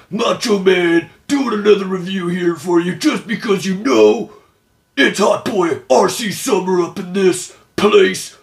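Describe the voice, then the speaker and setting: A gravelly, swaggering wrestler impression, put on by a man, growling out hammy catchphrases in a high, rough voice. It sounds like a big echoing room, with the voice a little way off from the mic. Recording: roomy echo, distant from mic.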